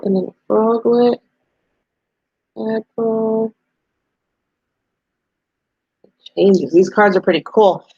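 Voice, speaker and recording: Teacher type: gentle woman reading to small kids over a muffled, dry home recording. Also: fairly high pitch, dry recording. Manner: gentle, explains picture cards and reads aloud. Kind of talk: distance-learning lesson for young children.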